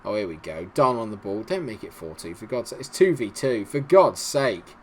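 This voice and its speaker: A man giving casual, animated commentary on a football management game, swinging between cheering and grumbling. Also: fairly low pitch, normal speed, a little hiss or hum. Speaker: gaming YouTuber.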